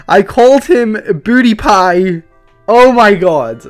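A man giving chatty, excitable live commentary while he plays a video game as a streamer. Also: high voice, slow pace, soft background music. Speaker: gaming streamer.

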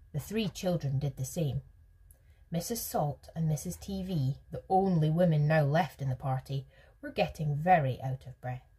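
A woman, a teacher, reading a children's storybook aloud with gentle narration and soft whispered stretches. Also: deep voice, breathy edge.

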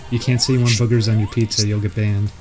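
A man's voice: fairly low pitch, flat delivery, fast talker, darkish tone, faint music behind. A man chatting casually on a game stream, dropping dry, wry remarks. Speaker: streamer, co-host.

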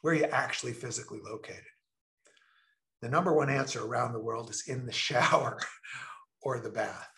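A man giving an enthusiastic online presentation, stressing key words slowly and deliberately. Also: medium pitch, vocal fry, bright, forceful tone, reverberant.

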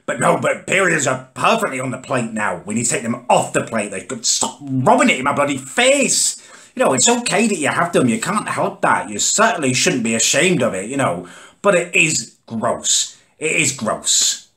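A man's voice: mid-range voice, very animated, moderate pace, pushed and bright. A man, ranting indignantly in a comedic monologue. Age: 30s. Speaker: comedic vlogger. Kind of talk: comedic rant to camera.

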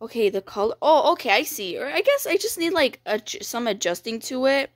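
High, gushing young woman gamer. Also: a little fast, no echo, studio quality. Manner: gushing and excitable, gasping, repeating "dude" and "bro". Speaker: gaming video creator. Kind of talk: excited game walkthrough commentary.

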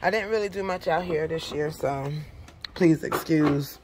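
A young woman chatting casually to her viewers in a home vlog, animated and talking straight to them. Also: low-pitched, a little slow, background noise. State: out of breath in places. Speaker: vlogger. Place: home, indoors.

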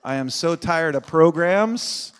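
A man preaching a revival sermon, swinging between shouting and quiet intensity and laughing often. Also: a little high, lively intonation, takes it slowly, clean tone. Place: large church sanctuary. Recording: long reverb of a big hall.

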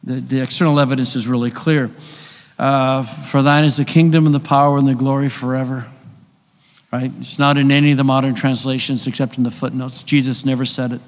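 A man's voice: medium pitch, flat delivery, fairly quick. A man giving a conversational conference lecture, explaining with rhetorical questions and asides. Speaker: conference speaker on biblical texts. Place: church hall. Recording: long hall reverb.

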